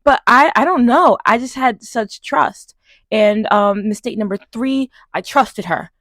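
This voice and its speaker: A young woman from Long Island telling a story to camera in an animated, exasperated way. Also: fairly high pitch, unhurried, dry recording. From Long Island, New York. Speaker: vlogger. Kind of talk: story time vlog.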